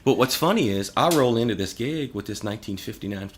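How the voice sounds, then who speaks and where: A man's voice: lowish voice, fast, slight background noise. A man guest on a podcast, telling rambling, profane stories in casual chat. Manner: rambling, profane, animated storyteller.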